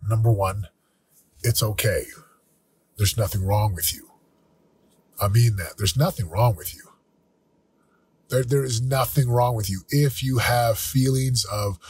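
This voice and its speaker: Earnest husky man in his forties. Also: lowish voice. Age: 40s. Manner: earnest, candid, with self-quoting asides. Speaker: podcast host. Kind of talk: motivational talk.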